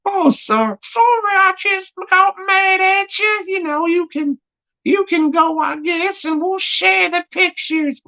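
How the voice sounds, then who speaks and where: A man voicing a sneaky, spiteful British photographer in a high, sneering put-on British accent, swearing a lot. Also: slow pace, gravelly, bright, forceful tone, heavily acted, low-quality recording. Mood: fake-sorry. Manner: shrill, sneering, crude swearing.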